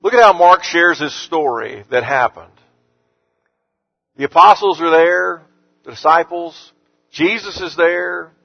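A man's voice: on the high side, a little slow, gravelly, long pauses, lo-fi sound. A man preaching a sermon, earnest and rising to emphatic force on the scripture he quotes. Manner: earnest, rising to emphatic when quoting Jesus. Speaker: pastor.

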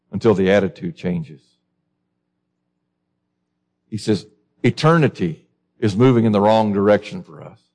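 A male pastor delivering a sermon with passion and conviction. His voice climbs sharply into high, insistent peaks as he quotes scripture, then drops back to press the congregation with pointed questions. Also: darkish tone. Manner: impassioned, rising to high emphatic peaks when quoting scripture.

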